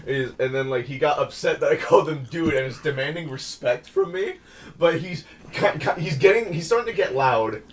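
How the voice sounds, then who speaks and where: Young man telling a story, slightly high voice. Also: fairly quick. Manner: animated anecdote telling, acts out quotes, laughs often. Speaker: podcast co-host. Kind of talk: casual chat, storytelling. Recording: podcast mic, shared room.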